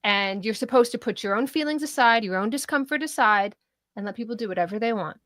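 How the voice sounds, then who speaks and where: A middle-aged woman co-hosting a casual political chat show, talking in an animated way, often laughing and sometimes swearing. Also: a little high, fast, dry recording. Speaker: co-host.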